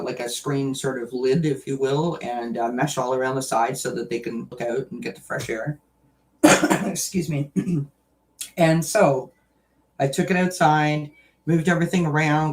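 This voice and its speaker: A woman hosting a live stream, telling a story in a chatty, animated way and laughing often. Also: rumbling low. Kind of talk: casual chat, storytelling. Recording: voice distant from the mic.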